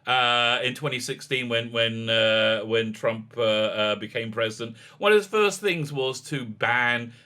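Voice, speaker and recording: Rabbi commentator, male, very bright edgy tone, stop-start delivery that climbs into pointed challenges. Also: medium pitch, clear, resonant tone. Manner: halting, many restarts, emphatic rising challenges. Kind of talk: argumentative political commentary.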